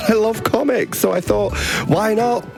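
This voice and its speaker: A man's voice: unhurried, creaky, faint music behind. A man voicing Clyde, an enthusiastic teenage boy with a northern English accent, reading a scene aloud. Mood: youthful, eager. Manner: high bright eager read.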